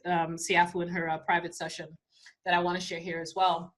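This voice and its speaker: A middle-aged woman, a spiritual teacher, telling a story in a casual, animated way, laughing often and acting out other voices. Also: lowish voice, a little fast, soft background music.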